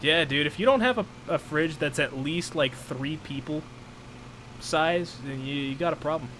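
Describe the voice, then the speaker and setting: A man's voice: a little high, moderate pace, background noise. Rambling young man chatting on stream. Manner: relaxed, rambling, full of fillers. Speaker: streamer host. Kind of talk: casual chat on stream.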